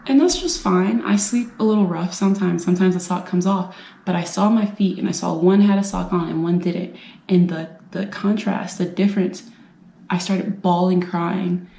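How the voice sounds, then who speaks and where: A woman from the United States telling her own survivor story in an earnest, halting way, repeating phrases for emphasis. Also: on the low side, gravelly, mellow. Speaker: brain injury survivor and veteran speaker. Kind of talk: personal storytelling talk. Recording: roomy echo.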